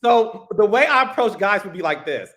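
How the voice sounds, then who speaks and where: A man with a high, bright voice hosts a casual podcast chat. His pitch jumps around a lot as he tells a story, stumbling and repeating words as he goes. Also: big pitch swings, normal speed. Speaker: podcast host.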